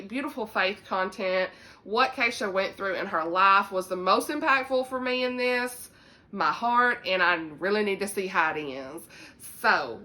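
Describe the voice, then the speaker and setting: Bright Southern woman book vlogger. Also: medium pitch. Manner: chatty, laughs often, drawls "y'all". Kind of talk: casual chat to camera.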